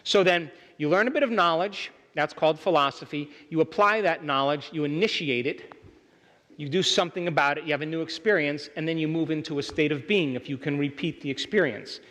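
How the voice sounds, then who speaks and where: A man's voice: fairly high pitch, brisk, a bit bright. Emphatic man lecturing in a reverberant hall. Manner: emphatic, keeps checking in with the audience. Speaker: workshop speaker. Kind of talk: motivational lecture to a live audience.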